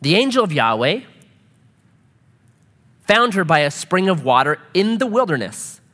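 A man preaching a sermon as pastor, animated and acting out quoted voices. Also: sits high, measured pace, big-room sound. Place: church sanctuary.

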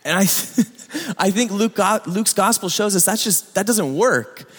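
A man's voice: sits high, animated, a little slow, slightly rough. A man preaching a sermon as a pastor, telling the story conversationally with asides to his listeners. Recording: echoey hall reverb.

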